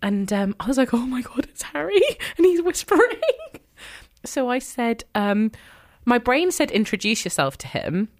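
A young woman telling an animated story in a chat, excitable and laughing often, acting out her own quotes. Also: a little high, unhurried. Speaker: guest telling a fan story.

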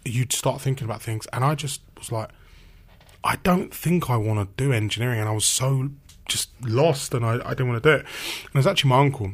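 A man who works as a radio presenter, telling stories in a casual interview, chatty and animated with lots of "like" and "you know.". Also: medium pitch, quick pace.

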